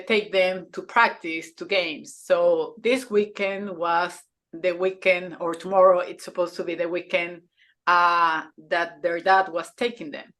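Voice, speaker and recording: Telling a personal story on a podcast she co-hosts, this woman in her thirties or forties sounds earnest but halting. Her English is non-native, with grammar slips and many restarts, and her voice is on the low side with a bit of brightness.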